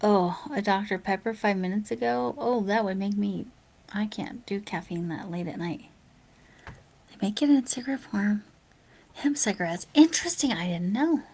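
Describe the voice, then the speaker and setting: A woman chatting casually on a late-night livestream, answering viewer comments aloud and often dropping into a soft near-whisper, sleepy and yawning. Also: mid-range voice, normal speed. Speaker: live streamer.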